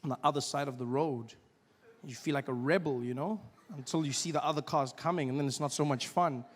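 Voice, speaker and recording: A man doing stand-up storytelling, animated and bursting into shouted bits. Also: mid-range voice, brisk, long reverb tail. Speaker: stand-up comedian.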